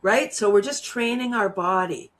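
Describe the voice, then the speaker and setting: Warm-up coach type: bubbly woman leading laughter and tapping exercises, giggling often. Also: mid-range voice, moderate pace, a little hiss or hum. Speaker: laughter yoga teacher, guest. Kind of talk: guided laughter exercise demo.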